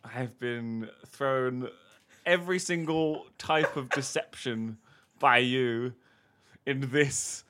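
A man's voice: medium pitch, sharp tone. A man co-hosting a podcast, playing a quiz contestant who complains, swears and laughs in casual comedic banter. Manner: mock-exasperated, swears and laughs.

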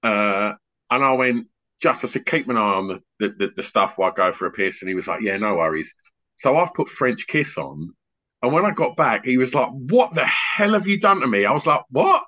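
A middle-aged man hosting a podcast on a video call, a rambling, animated storyteller who often restarts his sentences. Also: on the low side, a little fast. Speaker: podcast host and DJ. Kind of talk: casual chat on an online call. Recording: muffled lo-fi online call audio.

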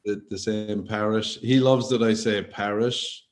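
A man's voice: on the low side, steady tone, measured pace. A man with an Irish accent in casual chat, telling easygoing anecdotes and laughing often. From Ireland.

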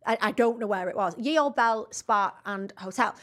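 A chatty woman co-hosting a podcast. She tells her stories in a cheeky, giggly way and keeps it all relaxed and casual. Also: mid-range voice, normal speed. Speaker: podcast co-host. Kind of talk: casual chat.

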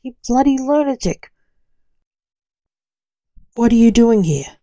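A woman's voice: mid-range voice, measured pace, warm tone, no echo, close to an everyday voice. A woman reading the part of an exasperated, protective father who scolds his son, in a storybook reading.

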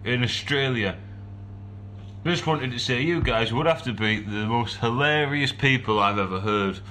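A man's voice: medium pitch, normal speed, bright, forceful tone, slight background noise. A man co-hosting a podcast, chatting cheekily, laughing and swearing casually. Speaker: podcast co-host. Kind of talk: casual chat.

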